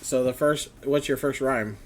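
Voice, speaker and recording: A man's voice: mid-range voice, moderate pace. A man running a tabletop game as dungeon master, laughing and stammering as he narrates.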